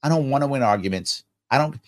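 His voice mid-range and his pace quick, a man hosting a podcast replies to viewer comments in casual talk. He stays animated and emphatic, posing rhetorical questions to himself.

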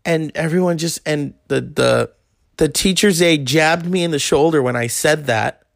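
Gravelly man telling a crude story. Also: a little high, normal speed, a bit bright, no echo, studio quality. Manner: crude, rambling, acts out quoted voices. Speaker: podcast host. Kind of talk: casual storytelling monologue.

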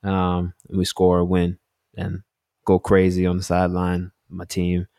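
A man from Delaware telling youth sports stories in a casual chat, acting out shouted quotes. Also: deep voice, a little slow, clear, resonant tone, no room sound, studio quality. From Delaware, United States. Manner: animated storyteller, acts out loud quotes.

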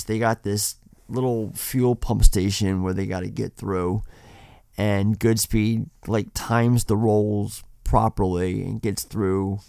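Man, podcast co-host, casual film recap, gravelly voice, dry sound. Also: lowish voice, a little mellow, dry recording. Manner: loose retelling of a film, with swearing. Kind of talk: casual film-review chat.

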